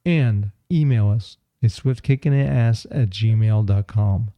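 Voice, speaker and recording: A man co-hosting a podcast, plain-spoken and relaxed in casual chat. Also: on the low side, takes it slowly, no echo, dull audio. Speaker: podcast co-host.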